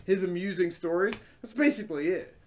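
A man co-hosting a casual podcast, talking haltingly with many restarts and frequent laughter. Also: high voice, darkish tone. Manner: hesitant, restarts, laughs often. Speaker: podcast co-host. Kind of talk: casual drunk banter.

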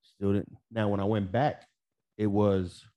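With a lowish voice and an unhurried delivery, a man co-hosting a podcast tells a story about work, though the audio sounds dull. He's profane and lively throughout this casual storytelling, swearing freely and acting out what people said.

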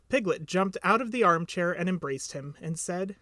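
A man narrating a storybook aloud in an expressive, lilting reading. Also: high-pitched, moderate pace, hardly any pauses, no echo, studio quality. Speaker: reader.

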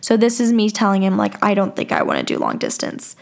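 A young woman tells a personal story on her podcast, chatty and casual, full of filler words and swearing. Her mid-range voice is gravelly with huge pitch swings, and she speaks briskly.

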